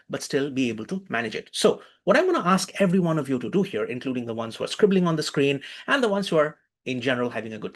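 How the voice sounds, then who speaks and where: A man speaking over a video call as he teaches an online workshop. He is animated and keeps repeating his instructions, steering the group through slow breaths. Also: a little high. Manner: animated, calls for attention, repeats phrases.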